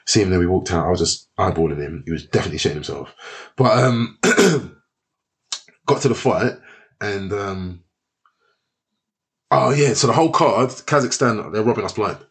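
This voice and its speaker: With a fairly low voice at a moderate pace, broken by long pauses, a man tells stories about fights in an easygoing conversation. His telling is animated and full of profanity, and he acts out each person's lines.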